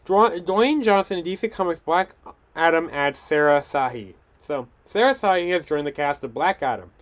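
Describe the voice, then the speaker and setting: A man's voice: on the high side, lively intonation, normal speed. A young man hosting a podcast, chatting casually through film news with frequent restarts and stumbles. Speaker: podcast host.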